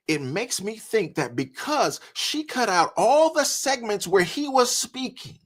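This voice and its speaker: A man's voice: high-pitched, fairly bright tone, husky. Male live-stream host, casual reaction commentary with a preachy streak. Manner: conversational, preachy asides, laughs between points.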